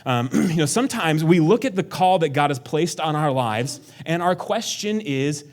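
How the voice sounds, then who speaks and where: Conversational, animated male pastor preaching. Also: on the high side, normal speed, few pauses. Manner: conversational, acts out prayers in a raised voice, drops to a near whisper for emphasis. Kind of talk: sermon.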